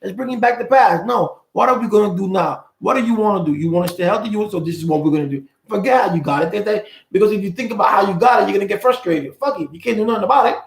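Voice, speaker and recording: Fast-talking raspy guy hosting a call-in show, blunt and cussing, echoey room. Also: sits high. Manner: blunt, swears freely, repeats words while thinking. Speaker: host. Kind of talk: live call-in chat.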